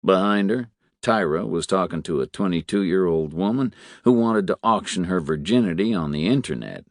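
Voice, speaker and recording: A man narrating a novel in a measured, expressive way. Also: low-pitched, no room sound, studio quality. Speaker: audiobook narrator. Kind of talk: scripted narration.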